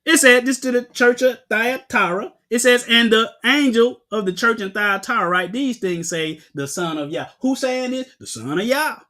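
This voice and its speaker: A man preaching a Bible-teaching sermon with emphasis. He asks rhetorical questions and answers them himself, and he bursts out loudly when reading scripture. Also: extremely high pitch, normal speed, few pauses.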